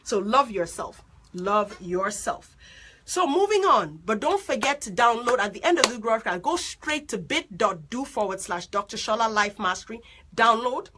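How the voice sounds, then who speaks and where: A woman life coach with a loud, strident voice and an unusual mixed accent, telling her story in an excitable, animated way during a live stream. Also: on the high side, normal speed, a little hiss or hum. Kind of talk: live-streamed motivational talk.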